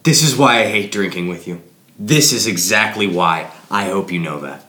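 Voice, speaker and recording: A man's voice: low voice, normal speed, sharp tone, roomy sound. A man playing a short-tempered drunk friend who gives curt, swearing answers. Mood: exasperated. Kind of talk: audio drama acting.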